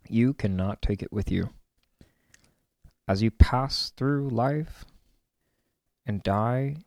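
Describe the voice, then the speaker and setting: A man muses through a reflective spiritual talk about a card reading, and his low voice carries a gravelly rasp. He wanders between thoughts with drawn-out words and the occasional whispered aside. The sound is dry and close, with no room around it. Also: a little mellow, no room sound. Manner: meandering and musing, with many fillers and stretched-out words. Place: on his own land.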